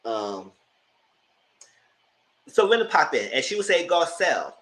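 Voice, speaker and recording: A man hosting a live TV review, giving sassy, animated commentary straight to his viewers. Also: on the high side, a little slow, low-quality recording. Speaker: TV review host.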